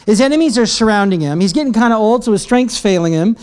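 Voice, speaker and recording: High-voiced man preaching with shouts. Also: fast. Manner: energetic, bursts into shouting praise; joking with the congregation. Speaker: pastor. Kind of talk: sermon. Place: church sanctuary.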